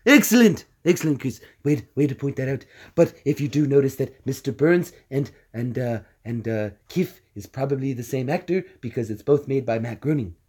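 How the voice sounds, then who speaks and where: A man's voice: mid-range voice, fairly quick, mellow, slightly rough. A man chatting casually and playfully about doing cartoon voices, with a stuffy nose and frequent laughter. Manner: playful, jumps between put-on voices, laughs often. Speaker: channel host. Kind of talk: casual chat doing impressions.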